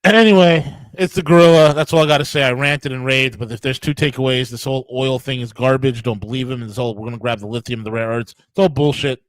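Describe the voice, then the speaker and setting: An American podcast host's solo political rant comes fairly quick and nearly pause-free in a medium-pitched voice, angry and profane. He restarts frequently and drives points home through repetition; the audio is dry and poor.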